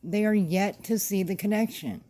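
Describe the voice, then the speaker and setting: A woman's voice: medium pitch, normal speed, dark tone. A woman vlogger ranting to camera in a casual, blunt and emphatic way, repeating her points. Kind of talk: casual opinion rant to camera.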